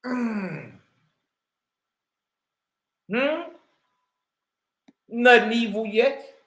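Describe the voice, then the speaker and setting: High-voiced slangy man in an echoey room. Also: extremely slow, fairly bright tone. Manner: slangy, emphatic, full of rhetorical questions. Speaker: online commentator and religious teacher. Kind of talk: casual commentary turning to preaching.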